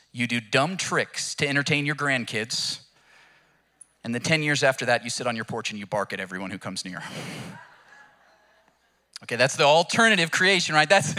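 A man's voice: on the high side, pushed and bright. A young adult man preaching a sermon in a casual, storytelling way with jokes. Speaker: pastor.

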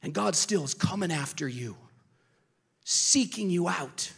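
A man in his thirties preaching an energetic, emotional sermon to a church congregation, with quick asides to the listeners. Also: high-pitched, vocal fry, breathy edge. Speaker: pastor. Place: church service.

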